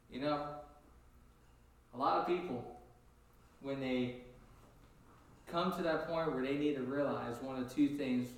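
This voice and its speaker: A man preaching a sermon in a lively, animated way, jumping up in pitch as he acts out what people said. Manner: animated, acts out quotes with sudden high pitch jumps. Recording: echoey room, distant from mic.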